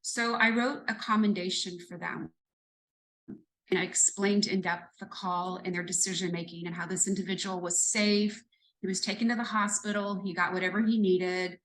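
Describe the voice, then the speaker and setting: A woman's voice: medium pitch, a bit bright, poor audio. Earnest woman recounting a story. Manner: earnest, reflective, builds a story step by step. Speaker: retired police lieutenant, guest. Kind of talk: conversational storytelling in a podcast interview.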